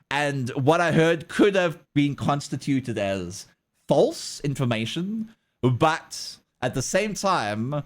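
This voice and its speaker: A male streamer talks loosely to his chat, rambling and hedging as he goes. His voice sits a little high for a man and swings widely in pitch. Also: very animated, takes it slowly. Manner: rambling, hedging, chatting to viewers. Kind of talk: casual livestream chat while drawing.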